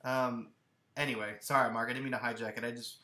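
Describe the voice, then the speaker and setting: A man co-hosting a movie podcast in casual chat. He talks with animated energy and often restarts his sentences. His voice is bright and forceful, and it rings in an echoey room. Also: medium pitch, fast. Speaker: podcast co-host. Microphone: headphones and studio mic.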